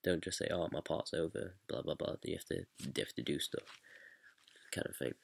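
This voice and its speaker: Brief: very low, heavily gravelly male voice, husky edge, hesitant and rambling, dry close sound. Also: normal speed. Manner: rambling and hesitant, heavy with fillers. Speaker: student director. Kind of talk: casual explanation of directing a stage scene.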